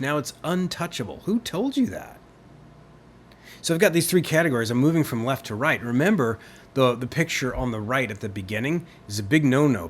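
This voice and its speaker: A man lectures with real animation, his pitch rising and falling widely as he stresses each point. He throws rhetorical questions at his listeners. A faint hiss sits under the recording. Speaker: theology lecturer.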